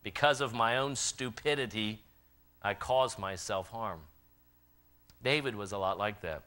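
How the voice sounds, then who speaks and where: A man preaching a sermon in a church, swinging from loud impassioned calls to quiet, earnest appeals. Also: on the low side, a little slow. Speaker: pastor. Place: church sanctuary.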